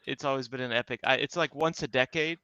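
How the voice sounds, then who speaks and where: A man's voice: medium pitch, fast talker, pushed and bright, clean tone, no room sound, lo-fi sound. A man co-hosting a trading show in casual chat, teasing and playful.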